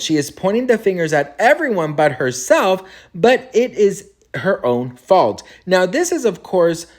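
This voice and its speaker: A man hosting a celebrity gossip talk, sassy and animated, calling his listeners "girl" and "best friend" and reading an article aloud with his own asides. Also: on the high side. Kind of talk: casual gossip commentary.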